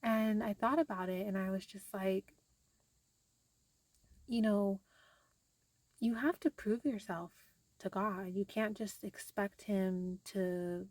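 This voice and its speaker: A woman's voice: medium pitch, steady tone, takes it slowly, pauses often, a little mellow, dry recording. A young woman vlogging casually to camera, rambling with many fillers, tired and frustrated.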